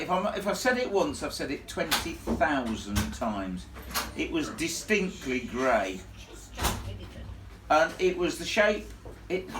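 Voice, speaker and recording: A man telling a ghost story live to an audience in a chatty, animated way, laughing along with the crowd. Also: a little high, noisy background. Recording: echoey room, from far off.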